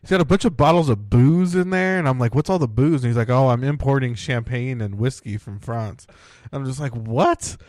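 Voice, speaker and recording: A man's voice: medium pitch, moderate pace, a little mellow, dry recording, studio quality. A man, co-hosting a podcast and telling a long casual story packed with fillers. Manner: rambling, many "like" and "right?" fillers. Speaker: podcast co-host.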